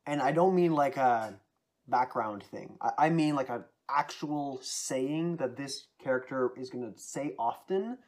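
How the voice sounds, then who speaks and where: A man's voice: medium pitch, expressive, measured pace. A man in casual chat, thoughtfully explaining tips on voicing characters at length.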